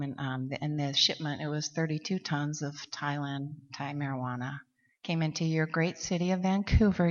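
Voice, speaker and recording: Middle aged woman rambling through her story, lots of ums, deep-ish voice, long echo in a big hall. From Seattle, USA. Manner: candid and rambling, many fillers and restarts; irreverent, blunt asides. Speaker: recovery meeting speaker. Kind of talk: personal story told to a convention audience. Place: large convention hall. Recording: dull sound, long hall reverb.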